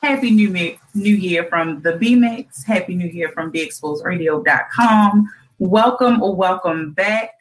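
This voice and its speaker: A woman's voice: lowish voice, unhurried, poor audio. A woman hosting an online radio show, talking casually to her listeners with corny jokes and lots of y'all. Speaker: internet radio host. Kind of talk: casual livestream talk show.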